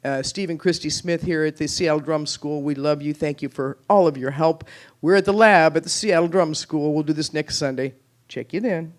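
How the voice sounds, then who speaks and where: A man's voice: on the high side, moderate pace. A man hosting a blues show, chatting with a guest and signing off with thanks. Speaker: radio show host. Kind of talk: casual chat, show sign-off.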